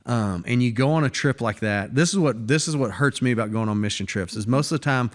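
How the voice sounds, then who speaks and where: A man's voice: medium pitch, fairly quick. A man, a pastor hosting a church podcast, talking earnestly in a casual faith conversation and repeating words as he thinks aloud.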